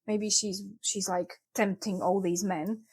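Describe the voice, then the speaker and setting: A woman's voice: medium pitch, level tone, unhurried, darkish tone, slightly rough. A woman co-hosting a casual book discussion podcast, chatty and hesitant, often laughing and filling gaps with "like". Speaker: podcast co-host.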